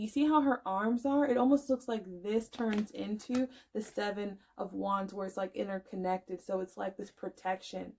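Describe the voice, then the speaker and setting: A woman's voice: medium pitch, warm tone. A woman giving a casual tarot card reading to her viewers, chatty and emphatic, emotional and encouraging, full of filler words. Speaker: tarot reader.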